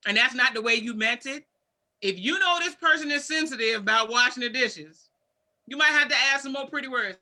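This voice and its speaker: A woman's voice: high voice, fairly quick, bright, forceful tone. A woman co-hosting a casual panel talk show, giving practical advice and repeating her key points. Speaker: podcast co-host.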